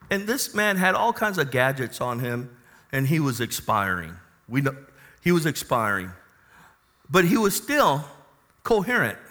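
A male pastor preaching a sermon who swings from quiet storytelling to loud, joyful exclamations. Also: a little high, long reverb tail.

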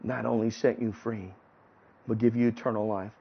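A man voicing a calm, kindly male night custodian who speaks patiently and reassuringly. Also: on the low side, normal speed, vocal fry, husky, pitched below the performer's own voice. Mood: gentle. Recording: dull lo-fi recording.

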